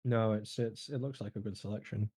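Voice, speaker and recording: A man's voice: lowish voice, steady tone, a little fast, mellow, breathy edge. Wry man with a northern English accent. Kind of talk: casual chat.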